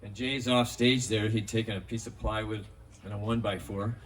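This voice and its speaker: Low-voiced man telling stories from afar. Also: steady tone, moderate pace, fairly bright tone. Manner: rambling, anecdotal, many fillers. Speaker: speaker at a memorial. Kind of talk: storytelling memorial tribute. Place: outdoors in a park. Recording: distant mic outdoors, faint background noise.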